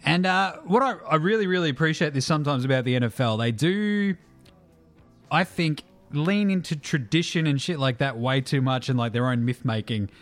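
A man's voice: fairly high pitch, animated, normal speed, dry recording, faint music behind. An Australian man in his thirties co-hosting a casual podcast, joking and swearing loosely, recorded on a phone in a small room. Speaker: podcast co-host.

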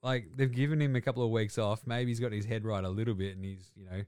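A man's voice: fairly low pitch, steady tone, fast, darkish tone, clear, resonant tone, dry recording, studio quality. A man co-hosting a casual sports podcast, trading wry, profane banter and laughing at his own jokes. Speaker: podcast co-host.

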